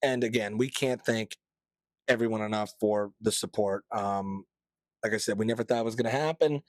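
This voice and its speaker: A man's voice: on the low side, moderate pace, no room sound. A man hosting a casual podcast, talking in a loose, joking, promotional way. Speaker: podcast host.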